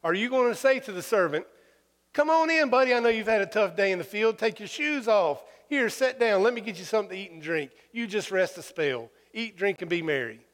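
A man voicing Jesus as a teasing storyteller, lively and mock-incredulous as he quizzes his followers, with long hall reverb. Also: sits high, fairly quick, voice pushed up.

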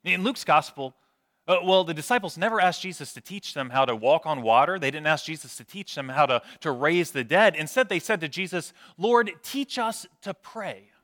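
Bright-voiced male preacher. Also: on the high side, lively intonation, fairly quick. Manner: storytelling, self-deprecating humor. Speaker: pastor. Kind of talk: sermon.

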